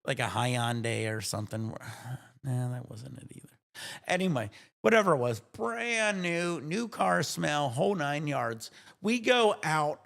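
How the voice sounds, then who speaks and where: A man's voice: a little high, expressive, a little slow, gravelly, a bit bright. A middle-aged man from Ohio, a live streamer telling rambling, profane stories in casual chat, often correcting himself. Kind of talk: casual storytelling.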